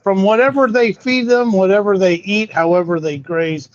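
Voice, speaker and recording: A man co-hosting a casual chat, loud and joking, often laughing. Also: high-pitched, moderate pace. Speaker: podcast co-host. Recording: dull lo-fi sound.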